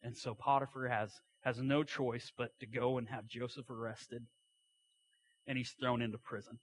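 A man's voice: medium pitch, little pitch movement, normal speed, no room sound. A man preaching a sermon, retelling a story in a folksy way with asides and acted-out quotes.

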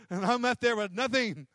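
High-voiced emphatic male preacher. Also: fairly bright tone, no room sound, studio quality. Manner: emphatic, repetitive, acts out quotes. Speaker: pastor. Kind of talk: sermon.

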